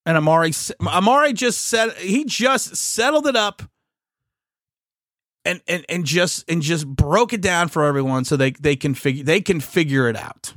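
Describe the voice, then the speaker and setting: High-pitched guy hosting a commentary show, worked up, keeps restarting, dry close mic. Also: lively intonation, moderate pace, fairly bright tone, no echo. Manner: indignant, stammering restarts. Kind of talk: political commentary.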